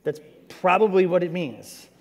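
A man preaching a sermon as pastor, animated and conversational, asking his church many rhetorical questions. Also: high-pitched, unhurried, big-room sound.

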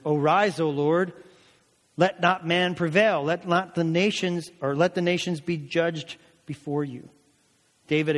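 A male pastor preaching a sermon, rising into emphatic calls during prayer passages. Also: fairly high pitch. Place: church sanctuary. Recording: long church hall reverb.

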